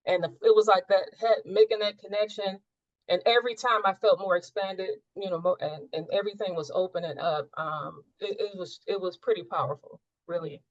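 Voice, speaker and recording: A woman of medium pitch, speaking a little fast, opens up to her coach about a spiritual experience of her own. Her manner is earnest and searching, with frequent mid-thought rephrasing, and the dull, dry recording has no room sound.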